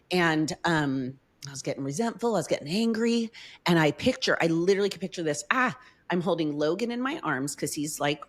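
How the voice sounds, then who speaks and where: A middle-aged woman as a podcast guest, telling a personal story in casual chat with heartfelt emotion. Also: sits low.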